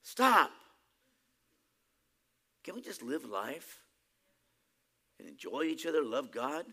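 A male preacher giving a sermon, emphatic, swinging between loud exclamations and quiet asides. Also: mid-range voice, expressive, unhurried.

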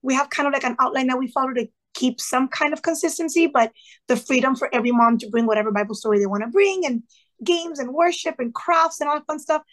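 A woman with a somewhat high voice tells stories casually as an interview guest. She is lively and acts out what people said, now and then dropping in a Spanish phrase. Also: fast talker. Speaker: podcast guest, retired teacher.

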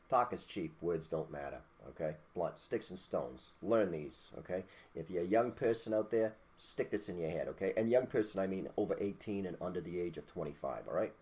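A man's voice: low voice, a little mellow. A man hosting a podcast, talking in a blunt, preachy, casual rant with mild cursing and a habit of asking "okay?". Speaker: podcast host.

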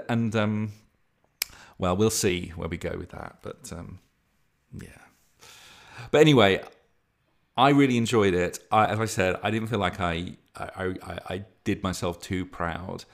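A man's voice: fairly low pitch, a little slow, creaky. A man hosting his own podcast, talking casually and at length as a game master, rambling and poking fun at himself. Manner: rambling, self-deprecating, chuckling. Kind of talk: casual solo podcast talk.

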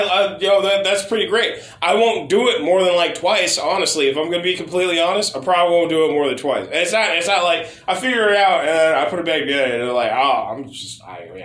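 A man in casual chat, rambling with many stammered restarts and a lot of swearing, his voice going hoarse. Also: high voice, a bit bright. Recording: roomy echo.

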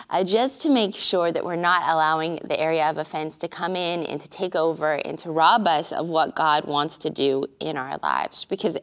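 A woman pastor giving an earnest, conversational sermon-style teaching with occasional filler pauses. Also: on the low side.

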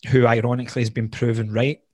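A man in his thirties speaks as a podcast guest, earnest and open as he tells a personal story. His voice is husky and mid-pitched, with "like" fillers scattered through his sentences. The recording is dry and close. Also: flat delivery, fast talker, a little mellow, no echo. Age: 30s. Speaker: guest, health coach. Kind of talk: candid storytelling in conversation.

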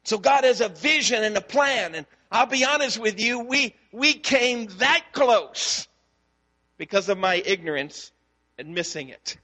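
A man's voice: sits high, unhurried, long reverb tail. A man, a pastor, preaching a sermon and telling a story, acting out the dialogue. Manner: storytelling, animated, acts out dialogue.

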